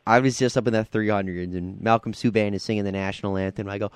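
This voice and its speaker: A man with a lowish voice hosts a laid-back sports talk show on college radio. He rambles and fills gaps with ums and you-knows, sounding affable. The sound is dry and close. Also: fairly even intonation, fast talker, smooth, no room sound. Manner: rambling, filler-heavy, affable.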